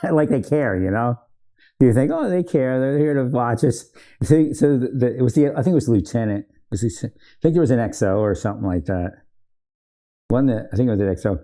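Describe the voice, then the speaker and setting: A military veteran tells old army training stories in a relaxed, rambling way, laughing often and correcting himself. His medium-pitched, warm voice moves a little fast, with frequent pauses.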